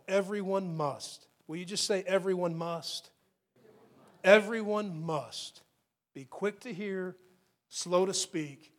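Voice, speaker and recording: A middle-aged male pastor delivers a sermon in a fairly high voice. He speaks earnestly, and he repeats his key phrases and slows right down to press on single words of scripture.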